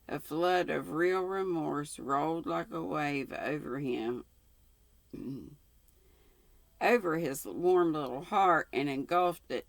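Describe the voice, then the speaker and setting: An older Southern woman in her sixties reads a classic novel aloud in a homespun, folksy way. She drawls along slowly, her voice a bit gravelly. The sound is close and dry. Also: low-pitched, no room sound. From North Carolina. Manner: folksy, unhurried, with colloquial sign-offs. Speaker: channel host reading aloud.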